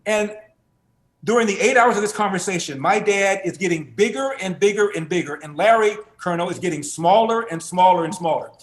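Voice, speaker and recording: A man being interviewed as a guest author, telling a family story in an animated, emphatic way that builds through repetition. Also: sits high, a little fast, echoey room.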